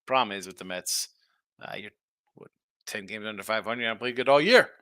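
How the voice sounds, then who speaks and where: A man hosting a sports betting show, chatting casually and reacting to viewer comments in a lively, tired-but-animated way. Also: on the low side, a little fast, smooth, no room sound, studio quality. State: tired, yawning. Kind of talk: casual betting talk reading chat.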